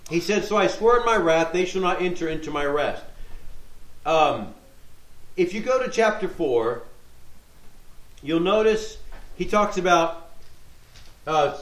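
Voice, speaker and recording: A man preaching a sermon, teaching verse by verse, reading scripture aloud and checking in with his listeners. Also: sits high. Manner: teaching tone, reads scripture aloud, asks rhetorical questions, checks in with "okay?". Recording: echoey room.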